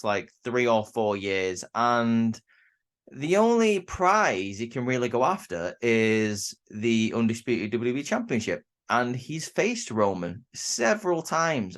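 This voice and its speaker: A man's voice: medium pitch, fairly bright tone. A young man giving a casual spoken review of a wrestling show, rambling and often stammering and restarting his sentences.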